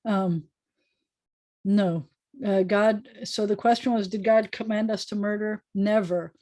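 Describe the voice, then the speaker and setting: A woman rabbi teaching an informal online Hebrew class over a video call, chatty and joking as she sounds out words slowly. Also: medium pitch, steady tone, dark tone, dry recording.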